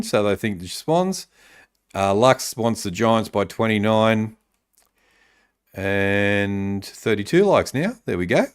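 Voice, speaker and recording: Running a laid-back live-streamed talk show, the Australian podcast host reads out viewers' comments and tips, filling in with plenty of ums and uhs. His voice is mid-range and smooth.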